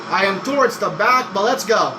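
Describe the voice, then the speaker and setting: A young man giving gameplay commentary on a racing game, excitable, swearing and yelling at the game. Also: high-pitched, moderate pace, background noise.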